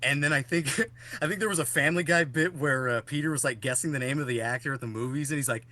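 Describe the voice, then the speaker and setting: A man's voice: mid-range voice, fast talker, pushed and bright. Rambling young man telling stories. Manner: rambling storyteller with many fillers and swearing. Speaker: podcast co-host. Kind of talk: casual chat.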